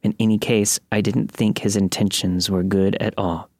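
A man narrating a first-person horror story in a steady, measured reading. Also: fairly low pitch, no room sound.

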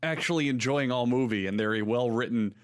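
Animated storytelling man, podcast co-host. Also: mid-range voice, fairly quick. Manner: animated storyteller, acts out movie lines. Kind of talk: casual chat.

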